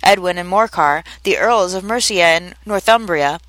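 A woman narrating a classic children's story in a measured, expressive reading. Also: on the low side, no echo.

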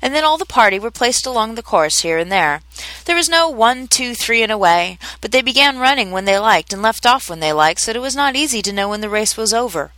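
A woman's voice: a little high, expressive, fairly quick, sharp tone, dry recording. Woman reading a storybook aloud. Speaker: narrator.

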